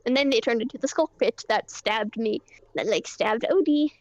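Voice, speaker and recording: A woman playing a shaken young player character, telling her story in a rambling, halting way full of fillers and swearing. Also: a little high, natural voice. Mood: agitated. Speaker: roleplay character recounting events. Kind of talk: casual in-character roleplay storytelling. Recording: dull lo-fi mic.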